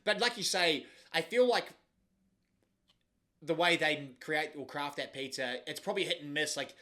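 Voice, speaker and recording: A New man on a casual podcast with a bright, forceful voice that sits a little high. He banters in a crude, laid-back way and swears freely. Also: moderate pace. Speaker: podcast co-host.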